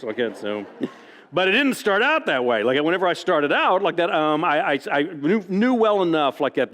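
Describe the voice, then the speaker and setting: A man's voice: mid-range voice, a bit bright. A man from the United States telling folksy stories to an audience, with frequent "like that" asides. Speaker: author speaking to an audience. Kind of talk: storytelling talk. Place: library event hall. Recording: long reverb from a hall.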